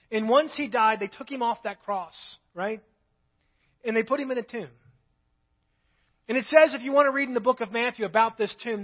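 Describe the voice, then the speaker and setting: A man's voice: high-pitched, breathy edge, highs cut off. A male pastor preaching a sermon, reading scripture aloud and breaking off now and then for his own asides.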